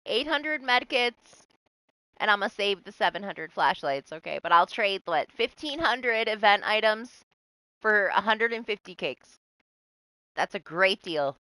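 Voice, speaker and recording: A woman's voice: medium pitch, expressive, a little slow, pushed and bright, clean tone, dry recording, poor audio. A woman livestreaming a video game, chatting casually, exasperated and often laughing and swearing. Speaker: streamer. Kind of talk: casual live game streaming.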